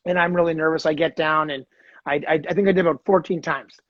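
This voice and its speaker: Podcast host from Canada, lively anecdote style, fairly high voice, dull dry audio. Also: male voice, quick pace, no room sound. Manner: animated storyteller, acts out quoted voices. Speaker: podcast host, former hockey player. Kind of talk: casual storytelling chat.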